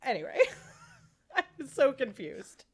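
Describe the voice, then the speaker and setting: A woman co-hosting a casual chat show, recapping a TV episode in an animated, playful way with frequent laughs. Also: high-pitched, measured pace, slightly rough. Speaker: podcast co-host.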